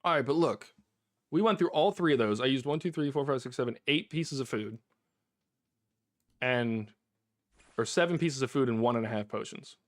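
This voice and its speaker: A man's voice: medium pitch, moderate pace, long pauses, dry recording. Male game streamer, conversational live commentary, dry booth-like sound. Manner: chatty, talks to chat, bursts of laughing frustration.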